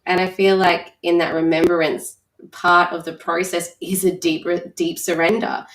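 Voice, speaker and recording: Reflective woman host, lower voice. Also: little pitch movement, normal speed, echoey room, low-quality recording. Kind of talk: podcast conversation.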